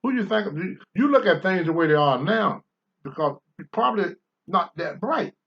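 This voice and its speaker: As a talk-show guest, this older ex-wrestler swears freely and speaks his mind while recounting stories. His high-pitched voice is animated and moves at normal speed. The audio sounds dull and lo-fi.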